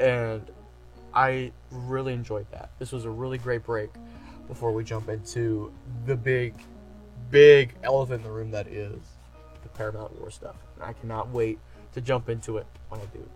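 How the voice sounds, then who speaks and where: A man's voice: medium pitch, flat delivery, moderate pace, soft background music. A man giving a casual, enthusiastic review, rambling with lots of fillers. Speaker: anime reviewer.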